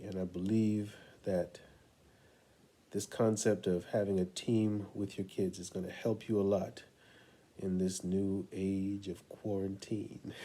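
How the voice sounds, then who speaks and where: A middle-aged man, a parent coach, telling a story in a relaxed, unhurried way with many pauses. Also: low voice. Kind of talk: casual storytelling talk to camera.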